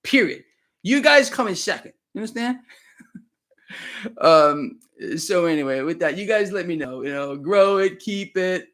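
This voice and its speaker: A man's voice: high voice, animated, unhurried, fairly bright tone. A man hosting a live stream of market commentary, talking straight to his viewers with sarcastic, exclaiming emphasis.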